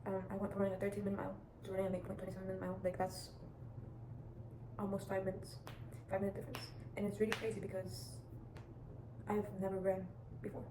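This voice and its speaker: A teenage girl rambles through casual advice in a chatty, meandering way, circling back on herself often. Her pitch stays fairly level, with little rise and fall. The recording is roomy and echoey, with clear background noise underneath. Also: completely flat delivery, fast. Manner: rambling, chatty, many restarts and "like" fillers. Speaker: vlogger.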